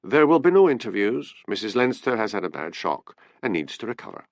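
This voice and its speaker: A man's voice: fairly low pitch, sing-song, a little fast, dry recording. A man voicing a pompous, silver-haired older defence lawyer with a formal manner.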